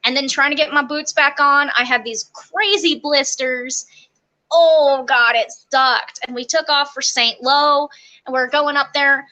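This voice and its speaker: A young woman telling stories from army basic training in a casual interview, lively and quick, acting out the quotes. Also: high-pitched. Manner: animated, quick storytelling with acted-out quotes.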